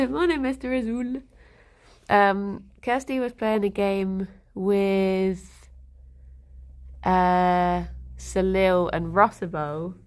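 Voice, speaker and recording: A woman's voice: medium pitch, creaky, smooth. A woman streamer chatting casually on a livestream, answering her chat and cooing to her pet rabbits.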